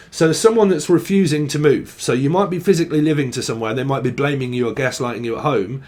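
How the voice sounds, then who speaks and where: A man's voice: mid-range voice, steady tone, fast talker, hardly any pauses, a little mellow. A young man giving a casual tarot reading, rambling and swearing as he thinks aloud. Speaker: tarot reader.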